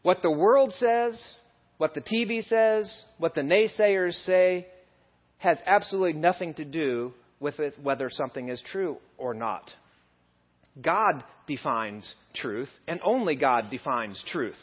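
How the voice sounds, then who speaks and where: A man giving a conversational sermon in a church, building to animated emphasis at times. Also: a little high, measured pace. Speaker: lay preacher. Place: church hall. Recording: dull lo-fi sermon recording.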